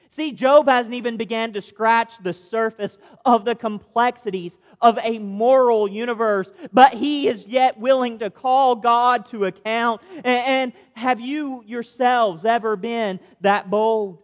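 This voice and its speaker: High-voiced slow-preaching man. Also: fairly even intonation. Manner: earnest, poses rhetorical questions to listeners. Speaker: pastor. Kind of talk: sermon. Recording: long reverb of a large hall.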